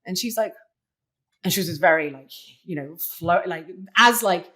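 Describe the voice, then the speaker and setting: Her voice lowish and her pace moderate, a young woman who plays poker recounts a personal story as an interview guest. The telling is casual, chatty, and animated, packed with the filler word "like."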